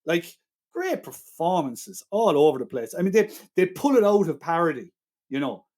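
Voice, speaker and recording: A man's voice: a little high, very animated, normal speed, darkish tone. A man co-hosting a casual film-review podcast, talking in an enthusiastic, emphatic and argumentative way. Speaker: podcast co-host.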